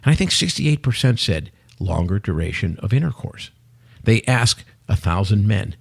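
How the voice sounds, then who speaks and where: A man, a guest on a podcast, telling animated anecdotes and acting out what people said in a casual chat. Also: fairly low pitch, normal speed, gravelly, slightly rough. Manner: animated anecdotes with acted-out quotes. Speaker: guest, company executive. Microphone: podcast studio mic.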